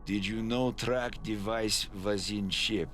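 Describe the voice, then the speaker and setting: A man voicing a sly young male translator who speaks halting, broken English. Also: lowish voice, steady tone, a bit bright, faint music behind, voice pushed up. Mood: translating.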